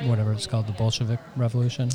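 A man co-hosting a podcast, talking in a halting way and often restarting his sentences. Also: lowish voice, completely flat delivery, music in the background. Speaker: podcast co-host. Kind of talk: casual chat.

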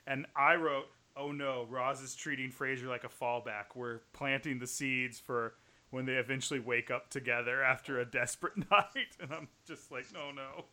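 A man co-hosting a casual podcast chat about a TV show, animated and sometimes exasperated. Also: medium pitch, moderate pace. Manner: animated, rising to exasperated outbursts. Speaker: podcast co-host.

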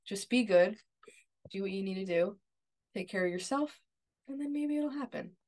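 A woman co-hosting a podcast recaps a TV episode in casual chat, walking through its scenes step by step. She's agreeable and uses lots of fillers like "like" and "yeah," speaking at a moderate pace with a mid-range, slightly mellow voice and lively intonation.

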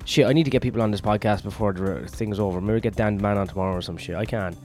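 A man's voice: fairly low pitch, quick pace, a little mellow, soft background music. A worn-out man hosting a rambling solo podcast, crude and self-mocking, swearing constantly. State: tired, run-down. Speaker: comedian podcast host.

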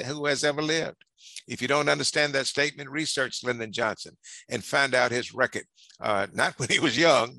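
An older man giving a speech on history, in a preacher's cadence that swells and slows for emphasis. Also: mid-range voice, pushed and bright, no room sound. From North Carolina.

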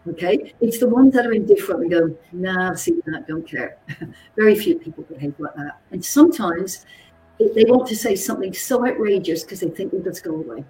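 Woman psychologist teaching, lively storyteller, mellow voice, roomy echo and a little hiss. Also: medium pitch, brisk. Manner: lively, animated storyteller who checks in with "okay?". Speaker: psychologist and communications trainer. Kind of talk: teaching talk with anecdotes.

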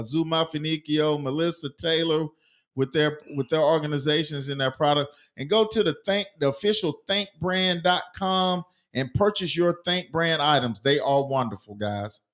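A man chats easily about sports as a podcast co-host, wandering through his thoughts with plenty of fillers. His voice sits a little high for a man. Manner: laid-back, rambling, with many fillers. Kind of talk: casual sports chat.

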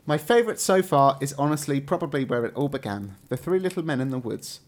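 A man's voice: mid-range voice, animated, fast. English man reading listener messages. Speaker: podcast co-host. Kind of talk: casual chat, reading listener messages aloud.

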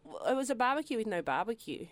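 A woman with an Australian accent, a comedian guest in a casual chat, dry and quick to laugh. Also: on the high side, big pitch swings, crowd noise.

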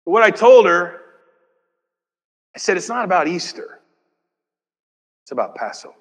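A male pastor preaching a sermon. He swings from loud emphasis down to near-whispers and acts out imagined dialogue with rhetorical questions. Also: high-pitched, big pitch swings, moderate pace, breathy edge. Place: church sanctuary. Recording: long reverb of a church hall.

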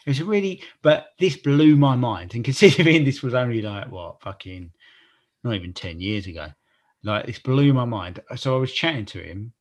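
An English man from Kent, co-hosting a podcast and telling stories in an animated, casual way with some swearing. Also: mid-range voice, moderate pace. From Gravesend, Kent, England. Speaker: podcast co-host. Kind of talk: casual chat.

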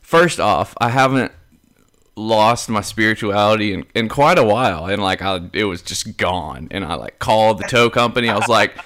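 A man's voice: on the low side, normal speed. A young man chatting casually on a podcast. He tells stories with energy and acts out the other people in a raised, mocking voice. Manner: animated storyteller, acts out quotes in a raised voice. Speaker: podcast co-host. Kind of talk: casual chat.

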